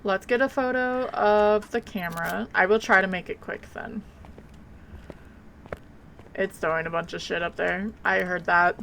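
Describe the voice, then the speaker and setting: A woman's voice: medium pitch, steady tone, measured pace, creaky, pauses often, a bit bright, a little hiss or hum. A woman streamer chatting casually while playing a game, rambling and blunt, with offhand swearing. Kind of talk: casual live game commentary.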